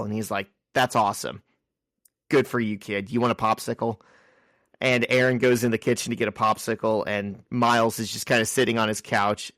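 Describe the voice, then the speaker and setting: Male podcast co-host, lively storyteller, mid pitch, dry close sound. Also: no echo. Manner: animated storytelling, acts out characters' lines in quick asides. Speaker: podcast co-host recapping comics. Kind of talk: casual chat.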